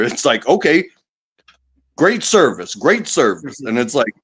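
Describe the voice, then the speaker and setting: A man's voice: medium pitch, big pitch swings, slow, long pauses, a bit bright, husky. A man telling a rambling personal story in a casual group chat, stumbling over words. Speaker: panel participant.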